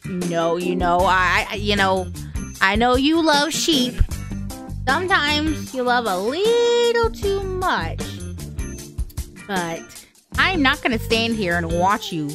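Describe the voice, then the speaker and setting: A bright, high-pitched woman talks through her gameplay in a lively, sing-song way, taking her time between bursts of excitement. She chats casually and squeals readily. Faint music plays behind her. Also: slow pace. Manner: chatty, excitable, squeals and laughs often. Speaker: gaming channel host.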